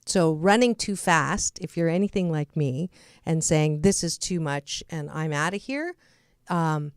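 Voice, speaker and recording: Chatty woman hosting, smooth dry voice. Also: low-pitched, lively intonation, measured pace, no echo. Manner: chatty, laughing asides, many restarts. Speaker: host. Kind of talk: radio interview chat.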